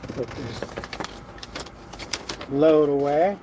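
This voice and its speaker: A man's voice: fairly high pitch, very slow, noisy background. A truck driver talking casually to his vlog camera from his truck cab, weary and grumbling, sighing often. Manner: weary, grumbling, frequent sighs.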